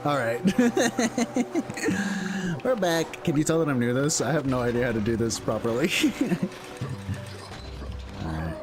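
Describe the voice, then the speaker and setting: A man's voice: big pitch swings, takes it slowly, pauses often, music in the background. Chatty young man streaming a game. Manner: rambling, chatty, laughs often, full of filler words; jumps into high squeaky voices when quoting others. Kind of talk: casual gameplay commentary.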